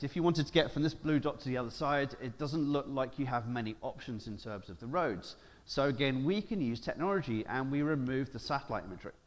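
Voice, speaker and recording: A man's voice: medium pitch, fairly bright tone. A man from Jersey giving a conference keynote, playful and joking, putting questions to the audience. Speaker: keynote speaker. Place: large conference hall. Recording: hall reverb from stage mic.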